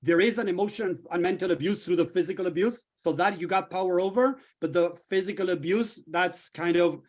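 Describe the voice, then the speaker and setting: High-voiced animated male coach. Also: a little fast. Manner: animated, acts out little dialogues. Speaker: healing coach. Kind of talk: coaching talk to a group.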